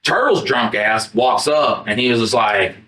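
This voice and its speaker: A man's voice: mid-range voice, unhurried. A man co-hosting a podcast, telling a story in casual chat with lots of swearing and acting out his own quotes. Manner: animated, profane, acts out his own quotes. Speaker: podcast co-host. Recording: roomy sound from a distant mic, not the podcast mics.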